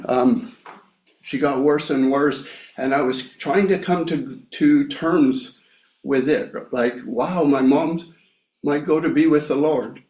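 A man gives a slow, reflective sermon, pausing often and filling gaps with small hesitations. His voice sits at a middle pitch. It rings in an echoey room, and the sound is a bit dull. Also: darkish tone, slight background noise. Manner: slow, reflective, with frequent pauses and fillers. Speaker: preacher. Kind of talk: sermon, Bible reading and personal story.

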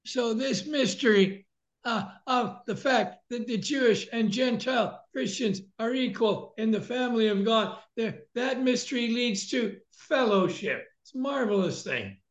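High-voiced man preaching a sermon. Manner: measured, pausing for the interpreter. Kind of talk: sermon with line-by-line interpretation. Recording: dull lo-fi recording.

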